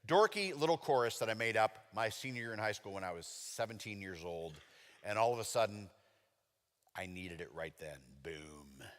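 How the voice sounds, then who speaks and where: A middle-aged male pastor preaching a sermon in a chatty storytelling way, with sudden animated outbursts. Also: on the low side, normal speed. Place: church sanctuary. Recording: long reverb of a church hall.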